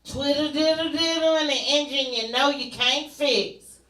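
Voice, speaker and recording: A woman's voice: high voice, unhurried, bright, forceful tone, echoey room, far from the mic, a little hiss or hum. A woman performing a stand-up comedy set, telling brash, bawdy stories with punchy repetition. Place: comedy club stage.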